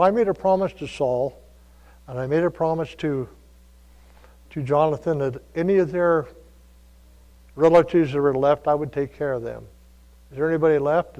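Folksy preacher in an echoing hall. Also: male voice, on the high side. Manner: folksy storytelling, shifts between soft asides and loud calls. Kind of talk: sermon. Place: church. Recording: long reverb of a church hall.

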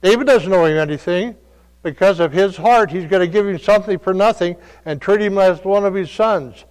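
Folksy preacher in an echoing hall. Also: male voice, high voice, brisk. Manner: folksy storytelling, shifts between soft asides and loud calls. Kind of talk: sermon. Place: church. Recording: long reverb of a church hall.

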